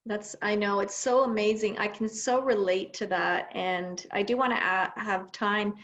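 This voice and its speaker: A woman hosting a conversation, agreeing warmly and chatting on a video call. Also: medium pitch, steady tone, a little slow, muffled recording. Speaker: host. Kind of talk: casual chat.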